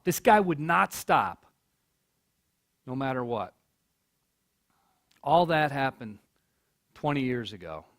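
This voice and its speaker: Earnest man telling a story on stage. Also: mid-range voice. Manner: earnest, repeats words when stirred. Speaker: keynote speaker. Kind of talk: storytelling speech. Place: college hall.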